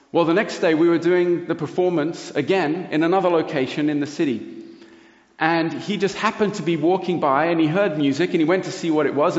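A man preaching a sermon, telling a personal story in an earnest, lively way. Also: a little high. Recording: roomy hall reverb, dull lo-fi sound.

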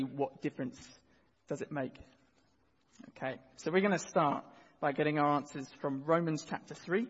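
A man's voice: a little high, slightly rough, big-room sound, lo-fi sound. A male pastor preaching a sermon to his church, painting vivid scenes and guiding the congregation through the reading. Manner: earnest, vivid storytelling, leads the congregation in reading.

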